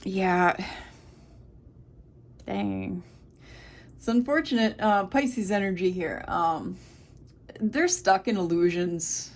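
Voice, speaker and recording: A woman's voice: medium pitch, takes it slowly, long pauses, a little mellow. A woman in her thirties giving a casual, rambling tarot reading to camera, thinking aloud with many fillers. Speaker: tarot reader.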